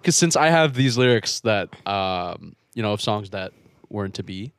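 Teasing young man, swinging pitch. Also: animated, moderate pace, smooth, no echo. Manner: swears freely, teasing, laughs a lot. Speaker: podcast co-host. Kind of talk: casual chat.

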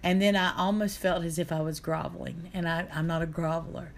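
A woman's voice: fairly low pitch, fairly even intonation, brisk. A middle-aged woman, telling a painful story in an earnest, aggrieved way. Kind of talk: casual chat.

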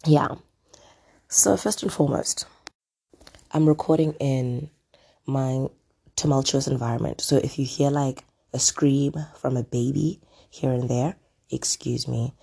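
A podcast host chatting casually on their own, hoarse from a throat illness, rambling with lots of ums and asides. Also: mid-range voice, steady tone, unhurried, long pauses, warm tone. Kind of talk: casual solo podcast chat. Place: at home.

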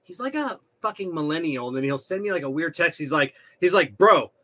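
Halting host with a bright voice. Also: male voice, on the high side, expressive. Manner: halting, many fillers and restarts, swears casually. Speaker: podcast host. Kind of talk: casual interview chat.

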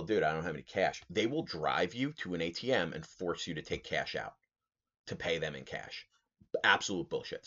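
A young man with a low, deep voice and a lot of swing in his delivery rants about his run-ins on a casual solo podcast. He swears freely and laughs as he goes. The audio is a little dull and muffled. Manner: animated storyteller, swears freely, laughs while telling. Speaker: podcast host.

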